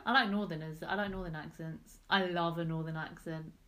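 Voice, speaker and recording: Young english woman chatting on a podcast, bright voice, laughs a lot, swears. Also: fairly low pitch, brisk. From England. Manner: giggly, swearing, animated. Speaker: podcast co-host. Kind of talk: casual chat.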